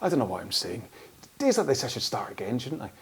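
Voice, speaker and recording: Chatty fitness instructor. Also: male voice, medium pitch, huge pitch swings, fast talker, breathy edge. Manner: chatty, rambling, laughs at his own slips. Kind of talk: follow-along workout instruction. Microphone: microphone close in front of his chin.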